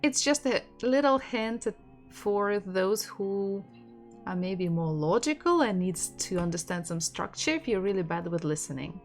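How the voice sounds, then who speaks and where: A woman's voice: medium pitch, animated, measured pace, faint music behind. A woman with a Russian accent teaching an online language lesson, patiently repeating words for learners.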